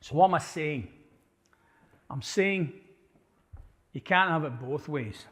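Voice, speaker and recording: A man's voice: fairly high pitch, takes it slowly, fairly bright tone. A man giving an apologetics talk to a church audience, conversational, putting questions to the listeners and restarting his sentences often. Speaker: church speaker. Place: church hall. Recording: live church hall with long reverb.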